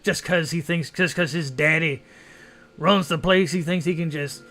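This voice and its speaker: A man's voice: fairly high pitch, fairly even intonation, normal speed, a bit bright. A man voicing a drunk ghostly dwarf brewery foreman who stammers and keeps slipping out of a put-on accent. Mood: grumbling. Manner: stammering, hiccuping, tipsy.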